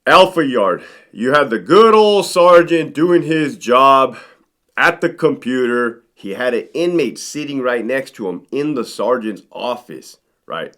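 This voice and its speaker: A man's voice: medium pitch, fairly bright tone. A man, a former correctional sergeant, telling stories to the camera in a conversational way, often tagging his sentences with "right?". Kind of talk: storytelling to camera.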